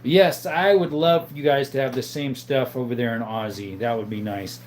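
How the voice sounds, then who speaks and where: A man's voice: mid-range voice, fairly even intonation, normal speed, few pauses, a little mellow, a little hiss or hum. Chatty man hosting a livestream. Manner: chatty, laughs often, reads out viewer comments. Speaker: livestream host. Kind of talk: casual livestream chat. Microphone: phone.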